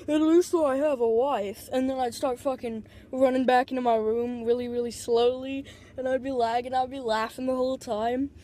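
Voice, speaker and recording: A woman with a slightly high, mellow voice tells a loose, wandering story straight into a tablet. She leans on "like" constantly and swears without a second thought. The sound is close and plain. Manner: rambling, constant "like" fillers, swears freely. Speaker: vlogger. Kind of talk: casual storytelling.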